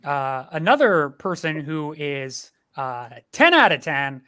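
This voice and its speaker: A man's voice: a little high, big pitch swings, slow pace, sharp tone, clean tone. A man hosting a streamed panel over a video call, introducing guests with playful wordplay. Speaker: host.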